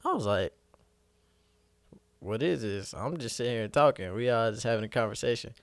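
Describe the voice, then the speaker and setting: A man's voice: medium pitch, normal speed, dry recording. Dry-voiced young man telling a story. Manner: animated, laughing, acts out quotes. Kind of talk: casual storytelling.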